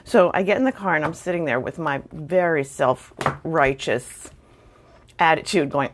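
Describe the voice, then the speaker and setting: A woman's voice: sits low, lively intonation, measured pace, slight background noise. A middle-aged woman telling a funny personal story in a casual, wry, self-deprecating way, with chatty fillers. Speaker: storyteller vlogger.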